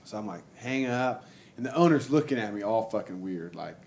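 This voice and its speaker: A man from Texas spins a casual story full of "like" and swearing. He jumps to a higher, louder voice whenever he acts out a quote, and a faint rumble of noise sits under the talk. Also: brisk. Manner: animated, acts out quotes in a raised voice, lots of "like" and swearing. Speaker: storyteller guest.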